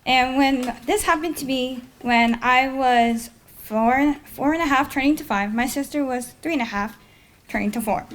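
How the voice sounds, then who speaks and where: High-voiced young woman telling a story. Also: moderate pace. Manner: rambling, self-correcting, chuckles at her own story. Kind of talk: personal story told on stage. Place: live storytelling event before an audience. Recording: faint noise, live event.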